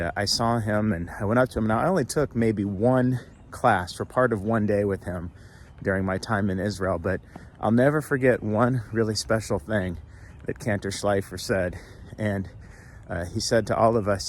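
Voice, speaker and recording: A man's voice: on the low side, slight background noise. A man who is a rabbi giving a casual, folksy video message. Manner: chatty, folksy, breaks into song.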